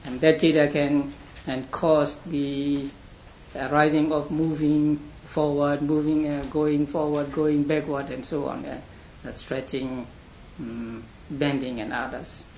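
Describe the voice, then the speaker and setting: A man teaching a class in a lecture, speaking haltingly with many fillers and repeated words. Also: a little high, level tone, a little mellow. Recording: echoey room, faint hum.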